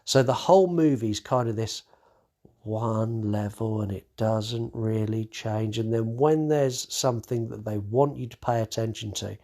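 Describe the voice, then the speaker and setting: A man's voice: fairly low pitch, measured pace, vocal fry, mellow. A man hosting a podcast, recapping a horror movie in casual chat, swearing freely and stumbling over restarts. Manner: swears freely, acts out characters' lines; many fillers and restarts. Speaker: podcast host.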